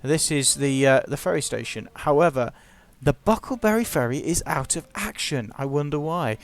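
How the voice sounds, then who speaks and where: Gravelly man narrating gameplay. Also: on the high side, lively intonation, normal speed. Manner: chatty, playful, self-mocking. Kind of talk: casual gameplay commentary.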